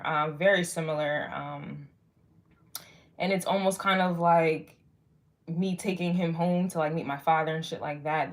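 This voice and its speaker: This is a young woman with a somewhat low voice, talking straight to her viewers during an astrology reading. She rambles, curses freely and leans on fillers as she works her way toward each point. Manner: rambling, frank and profane, lots of fillers. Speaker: tarot and astrology reader. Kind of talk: casual spoken reading to viewers.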